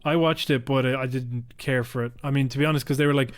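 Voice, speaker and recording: A man's voice: fairly even intonation, quick pace, few pauses. Sweary man ranting on a podcast. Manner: sweary, heated, mimics politicians with sharp pitch jumps. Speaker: podcast co-host. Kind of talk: casual political chat. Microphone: podcast microphone close to mouth.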